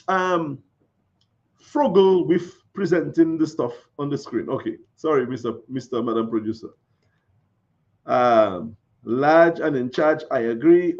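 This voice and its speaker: A man hosting a live stream, reading viewer comments and chatting in a folksy, repetitive way. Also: medium pitch. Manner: chatty, folksy, repeats phrases. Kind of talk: casual live-stream talk. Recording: dull lo-fi stream audio.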